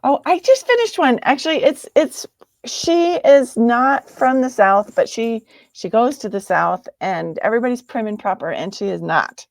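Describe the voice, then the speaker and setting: A woman co-hosting a romance writing podcast, chiming in with quick affirmations and easy agreement. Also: a little high, animated, no room sound. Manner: responsive, quick affirmations and laughter. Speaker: podcast co-host and romance author. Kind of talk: casual chat.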